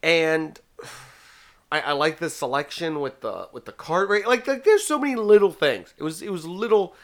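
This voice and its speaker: A man's voice: a little high, lively intonation, moderate pace. A man hosting a casual podcast chat, rambling and often repeating his words. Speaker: podcast host.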